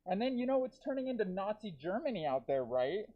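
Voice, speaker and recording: Stand-up comic, male, slightly high voice, dark deadpan delivery with wry asides, muffled by a deer mask. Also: brisk. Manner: dark deadpan jokes with self-aware asides to the crowd. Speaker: stand-up comedian. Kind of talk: live stand-up set. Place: comedy theater stage. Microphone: talking through a deer mask.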